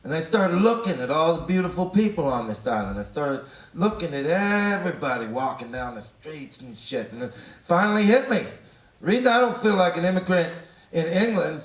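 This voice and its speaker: A Canadian man in his forties doing a profane, rambling stand-up routine that builds to loud rants. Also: fairly high pitch, lively intonation, fairly quick. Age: 40s. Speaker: stand-up comedian. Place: large theatre, indoors. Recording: roomy, distant, loud crowd and noise. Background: audience laughter.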